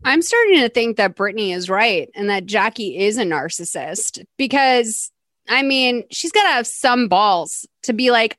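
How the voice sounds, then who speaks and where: A woman's voice: on the high side, animated, normal speed, a bit bright, no room sound. A young adult woman hosting a podcast, recapping a movie in a chatty, sarcastic way. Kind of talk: casual movie recap chat.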